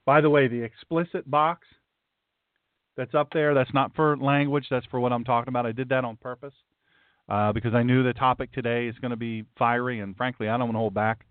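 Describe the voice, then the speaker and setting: A man's voice: mid-range voice, steady tone, brisk, clean tone, no room sound. A male host delivering a blunt, emphatic, sarcastic talk-show monologue. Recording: tinny phone-like, dry.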